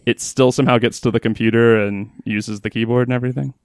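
A man's voice: medium pitch, steady tone, quick pace, clear, resonant tone, dry recording. A skeptical man in casual podcast chat, pushing back with questions. He is recorded dry and close, with no room sound. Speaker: podcast co-host.

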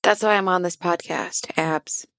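A woman's voice: on the low side, steady tone, unhurried, gravelly, fairly bright tone, no echo, studio quality. A woman playing in a tabletop game podcast, chatting playfully and joking around. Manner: playful, joking, laughs often. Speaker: player. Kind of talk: casual chat.

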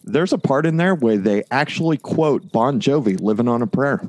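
A man's voice: medium pitch, animated, normal speed, darkish tone. Laid-back man telling a story. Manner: storytelling, acts out quoted lines. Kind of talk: casual chat.

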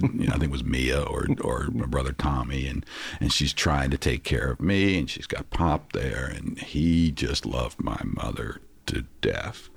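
A man's voice: very deep voice, creaky, slightly rough. A man in his sixties, a guest in an interview, telling reflective personal stories in a casual, anecdotal way.

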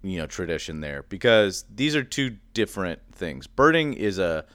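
Young male co-host, deep voice with a lively swing, chatty explainer. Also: normal speed, no echo. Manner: explains at length, animated and chatty. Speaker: podcast co-host. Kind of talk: casual chat.

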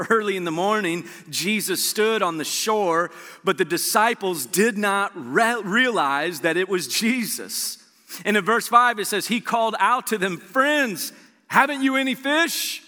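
Male pastor, sermon delivery, animated with big upward pitch jumps, acts out dialogue; bright tone, long hall reverb. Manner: animated preacher, voice jumps high for emphasis.

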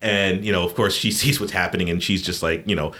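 A middle-aged man, co-host of a podcast, telling a story from his childhood in a casual, animated way and laughing often. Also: low voice, fast talker, breathy edge.

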